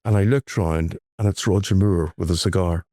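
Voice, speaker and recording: Man, low voice, dry close sound, casual podcast chat, storyteller who mimics people he quotes. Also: moderate pace, mellow, dry recording. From Ireland. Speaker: podcast co-host. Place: London.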